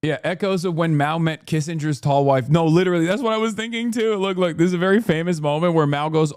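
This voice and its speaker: Animated, swearing male streamer. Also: fairly high pitch, clean tone, no echo, studio quality. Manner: animated, swearing, jokey, quick asides. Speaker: streamer host. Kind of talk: casual live-stream commentary.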